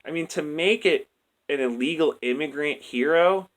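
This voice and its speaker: A man's voice: a little high, moderate pace. A man reviewing a movie in a crude, slangy, exasperated rant. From United States. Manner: crude, slangy and exasperated, says "dude" a lot. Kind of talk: casual rant.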